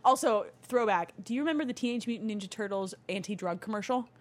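A woman's voice: mid-range voice, animated, fast talker. A woman in her thirties co-hosting a podcast from her home basement, chatting casually and laughing, putting on silly voices for her kids. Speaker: podcast co-host. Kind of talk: casual chat.

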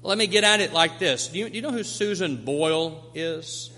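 Preaching a sermon with emphatic repetition, a male pastor has a high, bright voice and an animated, moderately paced delivery. A long, trailing reverb from a large church hall surrounds him, along with soft background music.

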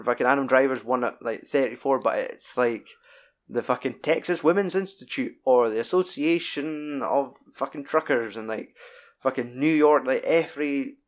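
A man in casual podcast chat, rambling and sweary. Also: mid-range voice. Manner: sweary, rambling, quick bursts.

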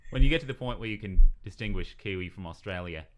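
A man's voice: on the low side, quick pace. A man who is a guest on a podcast, chatting in a laid-back way and laughing often. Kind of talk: casual podcast chat.

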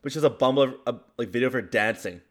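A man's voice: medium pitch, racing. A young man co-hosting a casual podcast, easygoing, laughing along and asking puzzled questions. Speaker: podcast co-host.

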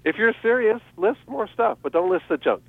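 A man talks through selling tips in an upbeat, chatty way, with a lively voice that swings up and down and sits a little high. His call comes through a dry, tinny phone line. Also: normal speed, vocal fry, breathy edge, no echo. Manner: upbeat, animated, laughs often. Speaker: eBay seller guest on radio show. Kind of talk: casual radio chat giving tips.

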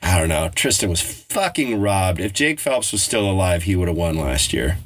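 A man's voice: low voice, big pitch swings, normal speed. A middle-aged man co-hosting a podcast in casual chat, blunt and profane, laughing often. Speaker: podcast co-host.

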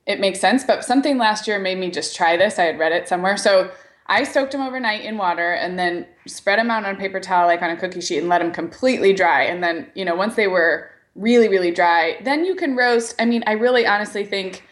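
A woman co-hosts a podcast, chatting casually and rambling with lots of fillers. Her voice is medium-pitched and brisk.

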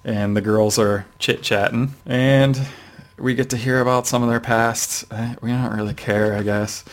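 A man's voice: medium pitch, steady tone, a little slow. A man co-hosting a podcast, reviewing a comic book in a casual, rambling way with many fillers and restarts. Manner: rambling, hesitant with frequent fillers. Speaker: podcast co-host.

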